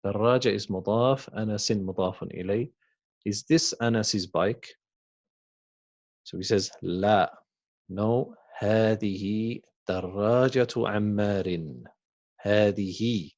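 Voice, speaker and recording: A man teaching a beginners' Arabic class, slowly and patiently, saying each word again and then translating it. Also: fairly low pitch. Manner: slow and patient, repeats words and translates them. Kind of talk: recorded language lesson.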